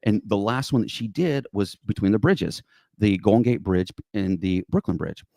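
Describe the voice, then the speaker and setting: A man, telling a lively story in conversation. He acts out the quoted dialogue and keeps checking in with "okay?". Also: on the low side, normal speed, vocal fry, no echo. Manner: excitable, acts out quoted dialogue, says "okay?" and "bro" often. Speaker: podcast guest, charity cyclist.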